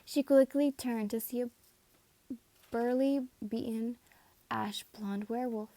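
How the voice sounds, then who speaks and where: Woman reading a fan story casually; mellow tone, stumbles and self-corrects. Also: fairly high pitch, fairly even intonation, normal speed, no room sound. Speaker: reader.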